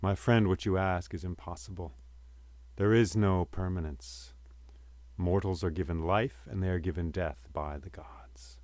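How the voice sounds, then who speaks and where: A man voicing an ancient immortal who survived the great flood, speaking with a slow, solemn cadence. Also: low voice, fairly even intonation, darkish tone, dry recording. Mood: questioning.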